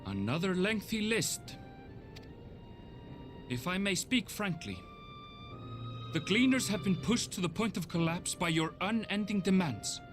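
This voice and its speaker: A man's voice: sits high, sing-song, measured pace, long pauses, music in the background. An actor playing an indignant male scholar in a video game, speaking frankly and proudly.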